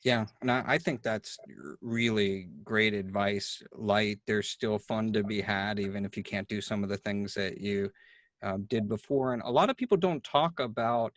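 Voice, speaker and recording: A man hosting a talk, telling a story in a chatty, animated way with frequent restarts. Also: fairly low pitch, moderate pace, no echo. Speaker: host. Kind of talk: casual conversational storytelling.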